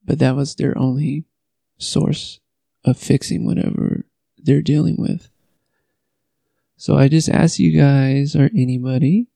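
A man speaking earnestly about personal experience in a halting, pleading way. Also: mid-range voice, steady tone, gravelly, dark tone, no room sound.

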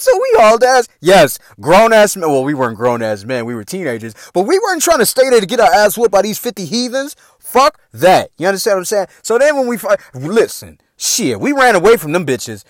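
Animated, high-voiced man telling stories. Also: brisk, few pauses, no echo, studio quality. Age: 40s. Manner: animated, swearing, laughs often, acts out quotes. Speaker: podcast host. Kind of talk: profane comic family storytelling.

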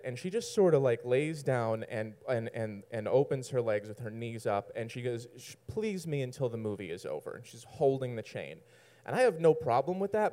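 A man's voice: mid-range voice, a little mellow. A man telling a personal story to an audience, rambling and self-mocking, often laughing at his own lines.

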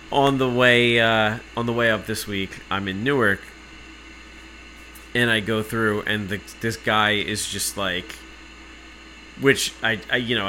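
A man's voice: medium pitch, sharp tone, slight background noise. A man telling an angry, sarcastic story in casual chat, swearing freely. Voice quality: profane, sarcastic. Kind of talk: casual chat, ranting anecdote.

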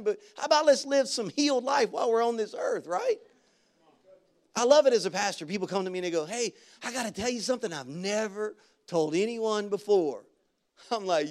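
A male pastor preaching a sermon, talking in a loose, conversational way and breaking into loud, excited shouts. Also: high-pitched. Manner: animated preaching that jumps into loud shouted bursts; conversational storytelling with casual slang. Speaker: guest pastor.

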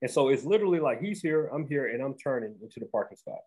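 A man, hosting a podcast and telling a story in animated casual chat, often restarting and saying "bro". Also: mid-range voice, fast, slightly rough, low-quality recording. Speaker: podcast host.

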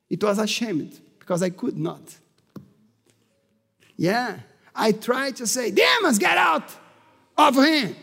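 A male pastor with preaching a sermon with fervor, often raising his voice to a shout. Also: very high voice. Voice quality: non-native English, slightly broken grammar. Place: church hall. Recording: long hall reverb.

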